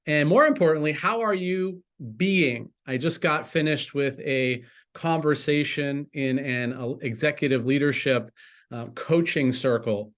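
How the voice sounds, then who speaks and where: A man speaking as a coach in a motivational talk, deliberate and encouraging, with lifts on key words. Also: mid-range voice, fairly even intonation.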